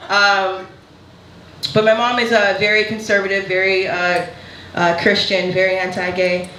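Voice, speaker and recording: A woman's voice: mid-range voice, little pitch movement, measured pace, sharp tone. A woman doing a stand-up comedy set in a casual, candid way, often laughing through her lines. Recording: echoey room with background noise.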